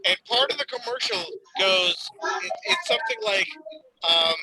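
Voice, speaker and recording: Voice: mid-range voice, expressive, normal speed, heavy background noise. A member of a club meeting, chatting on a video call and telling jokes with many restarts. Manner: joke-telling, restarts a lot. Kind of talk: casual video-call chat. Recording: video-call audio with loud music behind. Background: music playing.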